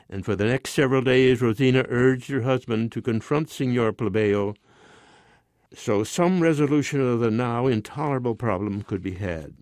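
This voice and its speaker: A man's voice: medium pitch, moderate pace, a little mellow, dry recording. Man reading a story aloud, dry sound. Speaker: story reader. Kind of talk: scripted narration.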